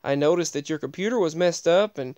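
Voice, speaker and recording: A man quoting a brisk woman teacher. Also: a little high, darkish tone, lightly acted. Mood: kindly. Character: brusque then kindly woman teacher.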